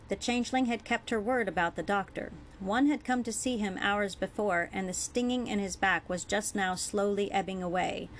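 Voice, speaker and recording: A woman reading her own fan fiction chapter aloud in a measured, earnest storytelling voice. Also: mid-range voice, a little hiss or hum. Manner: measured, earnest storytelling with small self-corrections. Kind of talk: audiobook-style reading.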